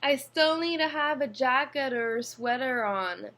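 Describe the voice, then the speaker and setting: A woman's voice: sits high, measured pace, a bit bright. A young Swiss woman with a Swiss accent, chatting casually to camera from her apartment, rambling with fillers and restarts, recorded on a computer mic. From Switzerland. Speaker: vlogger. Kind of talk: casual vlog talking to camera. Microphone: built-in computer mic.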